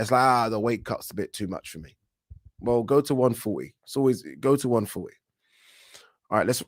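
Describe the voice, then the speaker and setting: A man hosting a casual livestream, reading out viewer comments and giving animated, opinionated takes with frequent restarts. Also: lowish voice, dry recording, clean studio sound. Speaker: boxing channel host.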